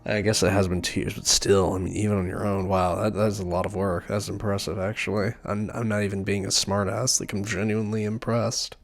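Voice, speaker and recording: A man's voice: on the low side, little pitch movement, fairly quick, gravelly, few pauses, dry recording. A man giving casual, wry commentary while playing a story game, swearing often. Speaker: let's play host.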